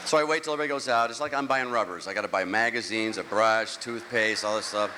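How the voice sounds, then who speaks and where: This middle-aged comedian has a lowish voice and a quick pace, with background noise behind him. He tells rambling, self-deprecating stories with act-outs during a stand-up set on a big venue's stage, and the live recording has long hall reverb.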